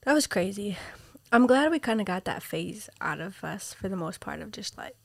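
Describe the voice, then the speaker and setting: A woman in a casual chat, talkative and quick to finish her partner's sentences. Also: medium pitch, expressive, creaky, dry recording. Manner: chatty, finishes the other's sentences.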